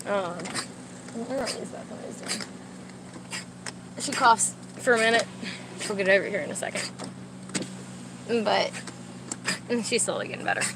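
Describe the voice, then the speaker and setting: A young woman chatting casually from a parked car, rambling, talking in a high baby voice to her dogs between asides. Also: a little slow, long pauses, background noise. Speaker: vlogger with service dogs. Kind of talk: casual chat.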